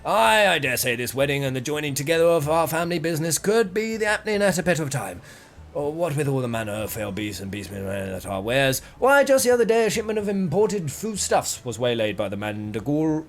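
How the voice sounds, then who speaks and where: Guy putting on a pompous old merchant, rambling, lower and growly-ish, lively swings. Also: fairly quick. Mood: blustery. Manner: rambling, blustery, stumbling over words. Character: pompous older male merchant, chatty and boastful.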